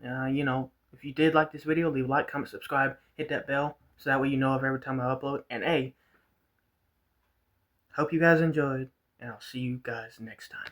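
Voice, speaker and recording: Vlogger guy, rambling rant, repeats himself, middle pitch, plain delivery. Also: steady tone, fairly quick, a bit bright. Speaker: vlogger reacting to a video. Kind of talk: casual ranting commentary.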